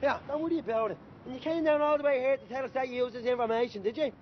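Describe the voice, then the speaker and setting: A cocky hard man, very high voice, swearing and bossy, muffled film sound. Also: racing, slight background noise. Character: cocky young male Dublin gang leader. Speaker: gang member.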